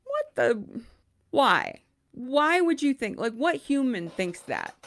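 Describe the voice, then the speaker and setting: A woman's voice: sits high, takes it slowly, gravelly. A woman hosting a podcast, reading listener stories aloud in casual, blunt, swearing chat. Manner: animated and blunt, swears freely. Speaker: podcast host.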